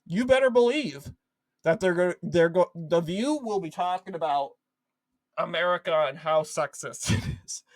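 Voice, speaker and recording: Woman, political commentary, opinionated, sarcastic, emphatic, lively swooping pitch, repeats herself for emphasis. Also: rough recording.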